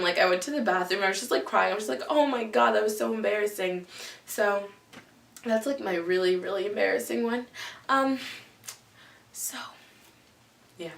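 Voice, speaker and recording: A woman's voice: medium pitch, fairly bright tone, distant mic. A girl in her late teens, vlogging casual stories to camera in a rambling way, full of "like" and "um". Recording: echoey room, mic set back.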